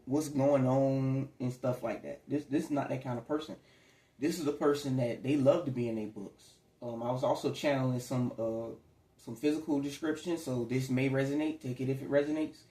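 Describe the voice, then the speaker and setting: A man's voice: mid-range voice, mellow. Rambling man giving a tarot reading. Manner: rambling, conversational, slips into acted quotes. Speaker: tarot reader. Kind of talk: casual spiritual reading to camera. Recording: echoey room.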